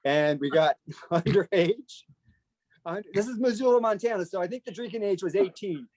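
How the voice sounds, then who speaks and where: High-voiced man telling a laughing story. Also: moderate pace, over a noisy crowd. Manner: laughing, animated retelling with quoted voices. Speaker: guest. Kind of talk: casual storytelling over a video call. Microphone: video call microphone.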